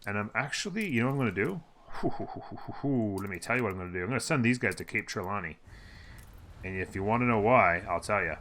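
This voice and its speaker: This gameplay host chats fast into a desk microphone as he plays, a slight background noise behind him. He has a low but bright, sharp voice whose lively pitch moves up and down a lot, and he thinks out loud, using fillers and correcting himself partway through sentences.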